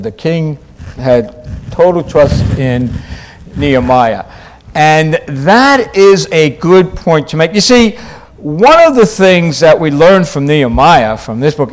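Slow, emphatic male preacher. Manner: emphatic, repeats key phrases, swings from loud highs to quiet lows. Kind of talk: sermon.

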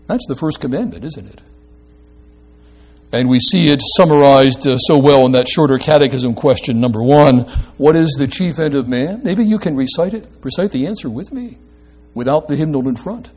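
A man's voice: medium pitch, expressive, normal speed, darkish tone. A man preaching a sermon, emphatic and asking the congregation questions as he explains a passage. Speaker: pastor.

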